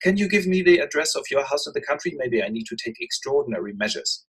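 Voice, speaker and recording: A man's voice: mid-range voice, lively intonation, fast, fairly bright tone, husky, pitched above the performer's own voice. A man voicing a bold, lovestruck young society woman who gushes and speaks her mind. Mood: gushing. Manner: gushing and forthright.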